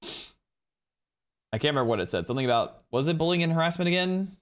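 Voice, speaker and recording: A man chatting casually with viewers on a live stream from home, rambling and excitedly thanking people. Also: a little high, brisk.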